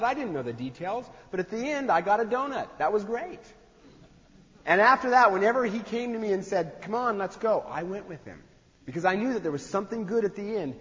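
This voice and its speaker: A man's voice: high voice, fairly bright tone. A man preaching a sermon in a conversational way, acting out the voices he quotes. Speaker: pastor. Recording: dull sound in a long-echo hall.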